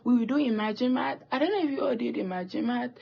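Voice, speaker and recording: A teenage girl telling a rambling, animated story while doing her makeup, with swearing and asides. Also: a little high, quick pace, vocal fry, lo-fi sound. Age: teens. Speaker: vlogger. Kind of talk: chatty get-ready-with-me story time.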